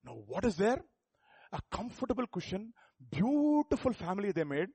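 A middle-aged pastor, preaching a sermon full of rhetorical questions that builds to emphatic peaks. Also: male voice, high-pitched, very animated, normal speed, warm tone, breathy edge, no room sound.

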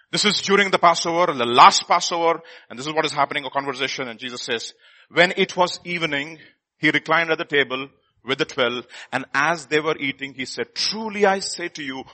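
A man preaching a sermon, reading scripture and acting out the scenes. He talks animatedly, swinging between loud exclamations and near-whispers. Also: on the high side, normal speed.

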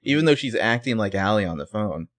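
Low-voiced man in dry close recording. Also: lively intonation, quick pace, no echo. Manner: wry, joking asides. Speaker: podcast co-host. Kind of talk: casual TV recap chat.

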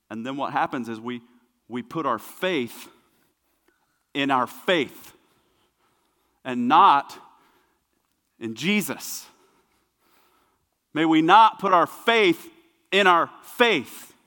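A man preaching a sermon as pastor, with emphatic repetition that swings between hushed and loud passages. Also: mid-range voice, expressive, takes it slowly, pauses often. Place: church sanctuary. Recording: long hall reverb.

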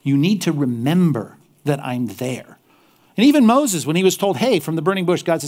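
A male pastor preaching a sermon, reading scripture aloud with lively swings between loud emphasis and quiet intensity. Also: a little high, brisk.

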